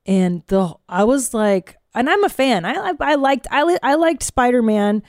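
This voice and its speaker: A woman's voice: on the high side, animated, normal speed, darkish tone, no room sound. A woman stand-up comedian hosting a podcast in a studio booth, chatting casually in a frank, profane, rambling way.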